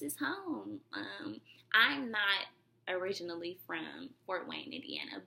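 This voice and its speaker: Young woman, from Illinois, personal vlog storytelling, chatty, fry in the voice. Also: lowish voice, slight background noise. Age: young adult. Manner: chatty, lively storytelling with many fillers, acting out quoted voices. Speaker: vlogger.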